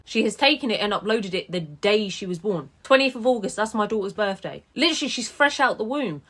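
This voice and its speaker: A woman in her late twenties telling a personal story to a phone camera, animated and indignant, with quick asides. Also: mid-range voice. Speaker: TikTok storyteller.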